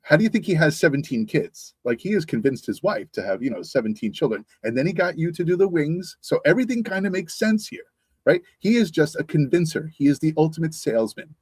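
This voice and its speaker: Husky teasing man, dry sound. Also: fairly high pitch, very animated, a little fast, darkish tone, dry recording. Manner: teasing, joking reasoning. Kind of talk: casual chat.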